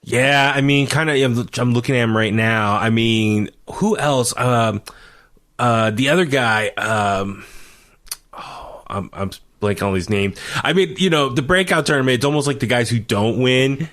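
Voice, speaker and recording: A man's voice: mid-range voice, a little slow, fairly bright tone. Rambling middle-aged man co-hosting a podcast. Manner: rambling, searches for names, many fillers. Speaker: podcast co-host. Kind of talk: casual wrestling review chat.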